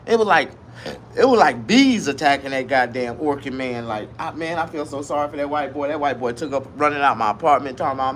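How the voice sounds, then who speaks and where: A man telling a comic story in a profane, rambling, animated way. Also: medium pitch, brisk, slight background noise.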